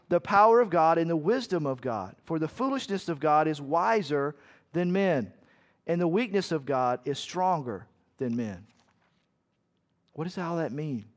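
Pastor, male, fairly high voice, emphatic sermon delivery that builds to loud peaks.

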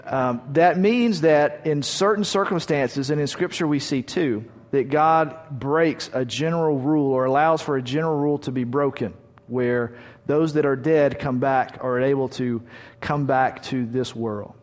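A man's voice: medium pitch, a little slow. A man preaching a sermon, reading scripture aloud and retelling the stories in a conversational way with frequent restarts. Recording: long hall reverb.

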